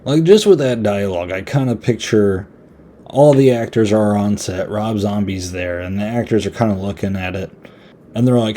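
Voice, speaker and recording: A man's voice: lowish voice, normal speed, mellow. A man hosting a podcast, giving a casual, rambling horror movie review in a laid-back, chatty way. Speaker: podcast host.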